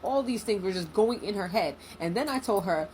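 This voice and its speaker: A young woman in a casual storytime vlog, animated and indignant, acting out what people said. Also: mid-range voice, fairly quick, a little hiss or hum, rough recording. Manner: animated, indignant, acts out quotes.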